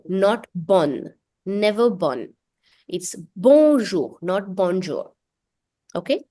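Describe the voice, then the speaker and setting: A woman's voice: medium pitch, darkish tone. Patient woman teaching French online. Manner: patient, repeats words slowly for students to echo. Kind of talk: online language lesson.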